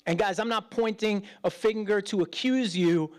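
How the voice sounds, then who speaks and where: A man's voice: high-pitched, moderate pace. Conversational middle-aged male pastor preaching. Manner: conversational preaching, acts out quoted voices, lively shifts between loud and hushed. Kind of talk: sermon.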